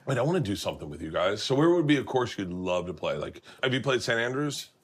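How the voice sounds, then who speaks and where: A middle-aged man from Florida hosting a loud, swearing dinner chat on his podcast. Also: fairly low pitch, very animated, fast, husky. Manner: loud, laughing, swears freely. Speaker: podcast host. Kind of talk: casual chat over dinner.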